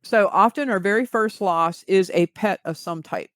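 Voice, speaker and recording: A woman speaks as a grief recovery specialist in an interview, laying things out in a measured way with everyday examples. Her voice sits at a middle pitch. The sound is dry and close, with no room echo. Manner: measured, uses vivid examples. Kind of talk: explanatory interview talk.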